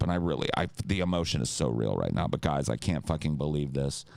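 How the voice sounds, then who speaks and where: A man with a very low voice rants heatedly on a podcast, cursing freely. He breaks into mocking impressions of the people he argues against. The sound is dry and close to the mic. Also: quick pace, gravelly, few pauses, no room sound. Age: adult (an incumbent lost twice in his lifetime). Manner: profane, animated, mocks others with impressions. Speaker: podcast co-host. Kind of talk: heated political podcast rant.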